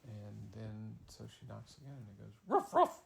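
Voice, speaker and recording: A man telling an improvised bedtime story in a slow, rambling, casual way. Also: fairly low pitch, fairly even intonation, creaky, mellow, a little hiss or hum.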